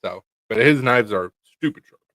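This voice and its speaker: Man, casual co-host, relaxed storyteller, dry close sound, mid-pitched voice. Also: moderate pace, no echo. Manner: laid-back storytelling, swears casually. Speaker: podcast co-host, knife maker. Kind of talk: casual chat.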